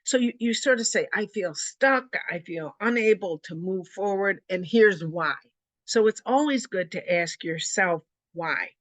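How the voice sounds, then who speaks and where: Woman presenter, mid pitch, unhurried and reflective, dry close-mic webinar sound. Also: dry recording. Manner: gentle, repeats and rephrases, addresses listeners as sisters. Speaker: webinar presenter for women religious leaders. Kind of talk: slow, reflective teaching talk.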